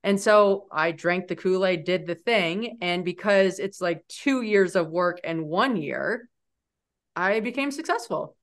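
A woman in her forties speaks as a podcast guest with a fairly low voice. She tells her stories in an animated, lively way. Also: unhurried. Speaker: interview guest. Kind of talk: storytelling in an interview.

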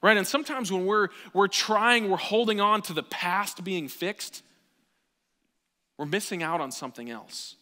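A man in his thirties, a pastor, preaching a sermon with animated delivery, dropping to quiet asides and rising almost to a shout. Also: sits high, measured pace, long reverb tail. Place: church sanctuary.

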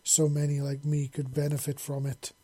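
A man voicing a gentle, freed male alien with scales and wings, speaking softly in an audiobook. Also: fairly high pitch, completely flat delivery, moderate pace, slightly rough, no room sound. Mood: sad.

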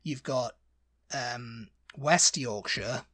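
A man's voice: mid-range voice, very slow, bright, forceful tone. A man with a British accent, chatting casually as a podcast co-host, rambling and often correcting himself. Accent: British English. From Britain. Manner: rambling, hesitant, self-correcting. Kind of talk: casual chat.

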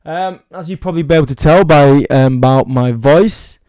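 A man's voice: fairly high pitch, moderate pace, darkish tone, smooth, no echo, studio quality. A man with a cold hosting a casual solo podcast as a fitness coach, rambling and self-deprecating. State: has a cold, under the weather.

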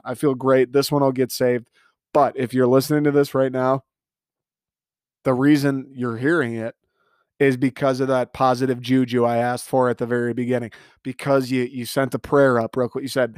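He's a man in his twenties with the hiccups, hosting a casual solo podcast where he rambles, gets sarcastic and pokes fun at himself. His medium-pitched voice keeps a steady tone at a moderate pace, a little mellow in quality. The studio sound is clean, with no room sound.

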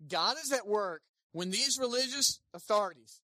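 A pastor preaching a sermon, animated, swinging between loud emphasis and quiet asides, and acting out the people quoted. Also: mid-range voice, normal speed, dry recording, studio quality. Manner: acts out quoted speakers in playful voices.

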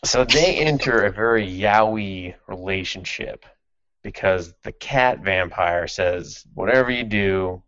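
A man's voice: sits low, slow, fairly bright tone, no room sound, dull audio. A man hosting a podcast who chats casually and sardonically, swearing freely and laughing as he recaps an anime. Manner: sardonic and profane, with frequent laughs. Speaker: podcast host.

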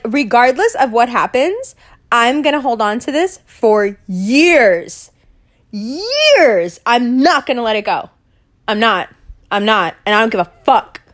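Young female podcast host, fired-up profane rant, slightly high voice. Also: fairly bright tone. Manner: angry, profane, emphatic ranting. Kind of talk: casual ranting podcast.

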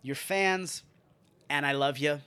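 A man's voice: fairly high pitch, slow, sharp tone, smooth. A young man ranting and recapping wrestling matches in a casual, profane, sarcastic way. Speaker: wrestling show reviewer.

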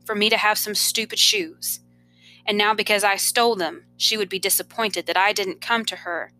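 A woman, a teacher, reading a novel aloud in an expressive first-person storytelling manner. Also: medium pitch.

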